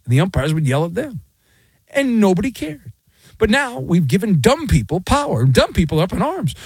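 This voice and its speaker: A man's voice: mid-range voice, a little mellow, breathy edge, dry recording. A middle-aged man hosting a sports talk radio show, sarcastic and theatrical. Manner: sarcastic, theatrical, mocking voices.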